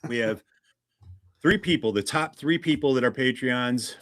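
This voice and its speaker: A man's voice: medium pitch, a little slow, a bit bright, no room sound. A man hosting a casual livestream, chatty and greeting viewers one by one. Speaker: livestream host.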